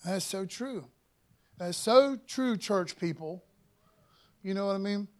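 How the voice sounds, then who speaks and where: A man with a high voice preaches to his congregation in a loose, conversational way. He drops in "man" and "you know" often and rises in pitch and volume when he quotes scripture. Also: slow pace. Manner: reads scripture louder and higher. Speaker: pastor. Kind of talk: sermon.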